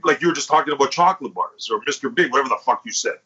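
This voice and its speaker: A man on a podcast, telling a crude story in a casual and animated way, swearing and acting out what people said. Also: mid-range voice, very fast, slightly rough. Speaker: podcast host. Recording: dull lo-fi podcast audio.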